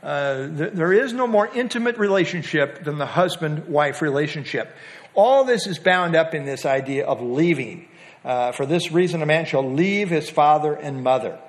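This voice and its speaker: An older man giving a casual Bible teaching on a passage, talking in a folksy, halting way with light humor and frequent pauses to restart his sentences. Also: on the high side, animated.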